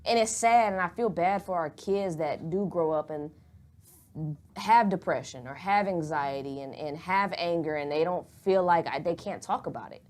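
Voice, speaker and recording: A woman's voice: lowish voice, moderate pace, darkish tone. A young woman, talking candidly and at rambling length in a casual podcast chat, swearing freely. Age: young adult.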